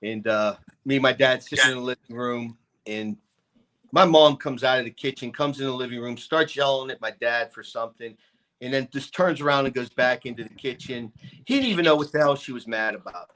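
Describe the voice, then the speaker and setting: A man's voice: medium pitch, brisk, a bit bright, rough recording. A man in his fifties, a guest on a call-in show, telling a rambling story and repeating his words as he goes. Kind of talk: casual storytelling.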